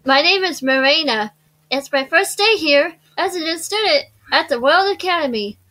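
A woman reading as a new schoolgirl, bright-voiced. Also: sits high, expressive, moderate pace, voice pushed up, poor audio. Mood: matter-of-fact. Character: new girl student narrating her first day.

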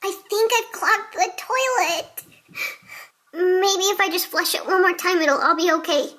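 A woman's voice: extremely high pitch, measured pace, pushed and bright, exaggerated voice. A woman voicing a flustered, apologetic girl doll in a doll play video, rambling and panicky. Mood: panicked.

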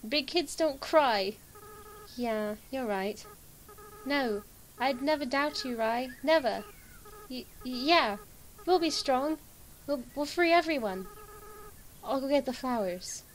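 A woman's voice: high voice, takes it slowly, pauses often, slight background noise, low-quality recording. A woman voicing a small, anxious monster boy who stammers earnestly while reading game dialogue. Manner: hesitant, stammering.

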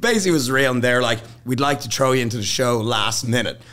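Here a young man on a podcast chats through stories at a quick pace, his voice sitting mid-range. He's animated and laughs frequently, acting out other people's words with playful imitations.

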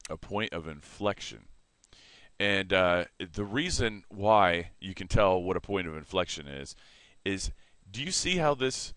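A man teaching a math lesson in a relaxed way, correcting himself and explaining as he sketches on a board. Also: deep voice, dry recording.

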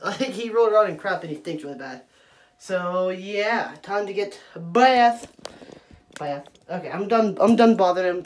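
A woman's voice: mid-range voice, a little mellow. A young woman chatting casually in a home vlog and coaxing her dog along. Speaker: vlogger.

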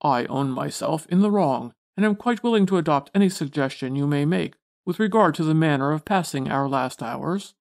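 A great old male dragonfly from a storybook, humbled and apologetic, speaking in formal old-fashioned phrases, voiced by a woman reading aloud. He sounds low and subdued. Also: animated, normal speed, vocal fry, hardly any pauses, a little mellow.

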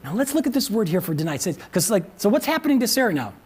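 A man's voice: sits high, big pitch swings, racing, slightly rough. A man preaching a sermon as pastor in a conversational way, repeating phrases and often asking the congregation questions. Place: church.

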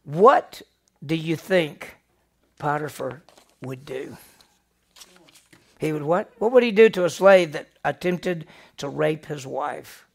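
A gravelly, slightly high-pitched middle-aged man leads a Bible study as its pastor. He teaches in an animated way, throwing questions to the class and then answering them himself. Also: slow pace, pauses often.

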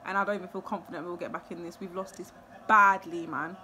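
A woman's voice: medium pitch, fast, pushed and bright. A young woman, a football fan giving a live, emotional match reaction full of exclamations and repeated phrases.

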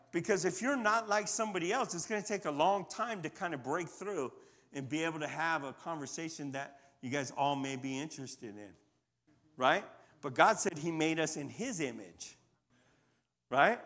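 A man's voice: fairly high pitch, a bit bright. A man giving a conversational sermon in a casual, folksy style, with call-and-response asides, then closing with a prayer. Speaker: lay preacher.

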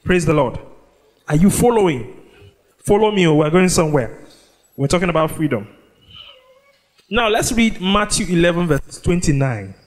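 A man preaching a sermon, leading the congregation in call-and-response and drawing out scripture phrases slowly. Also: on the high side, sing-song. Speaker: pastor. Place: church.

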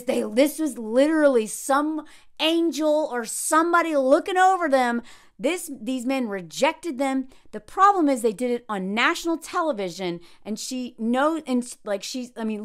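A woman from the American South giving blunt, sarcastic commentary on a reality TV show and laughing often. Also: high voice. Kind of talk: casual reaction commentary.

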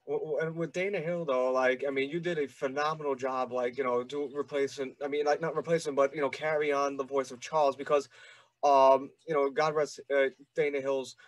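A man's voice: mid-range voice, fairly even intonation, fairly quick, no echo. A young man hosting an interview, asking long rambling questions full of "like" and "you know" and stammering restarts. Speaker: podcast host.

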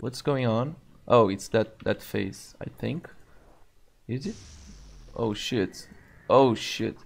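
Excitable young man commenting on gameplay. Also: medium pitch, slow, creaky, long pauses. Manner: excitable, swears often, talks to himself. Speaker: gaming video creator.

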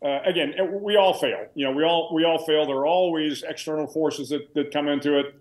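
A man's voice: on the high side, steady tone, fairly quick, roomy sound, rough recording. A man in his sixties, a retired admiral and author, telling stories in a conversational way with restarts and fillers on a video call. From United States. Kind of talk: candid storytelling interview. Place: home room with a billiards table.

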